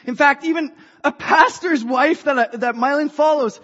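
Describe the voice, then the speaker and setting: A woman preaching a sermon to a church, passionate and rising to shouts. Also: sits high, normal speed. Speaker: church speaker. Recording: dull sound in a reverberant hall.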